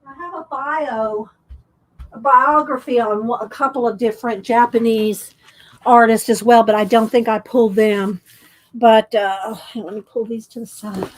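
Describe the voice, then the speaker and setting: A woman with a slightly high voice talks in a loose, rambling way, full of ums and self-corrections. It sounds like casual show-and-tell chat to viewers. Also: fairly even intonation, measured pace. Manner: rambling, chatty, many fillers and restarts. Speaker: art book vlogger.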